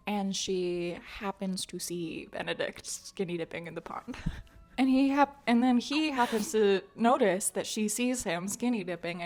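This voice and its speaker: A woman host giving a chatty, casual recap of a novel, sprinkling in fillers and laughs. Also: mid-range voice. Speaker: book channel host. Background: faint music.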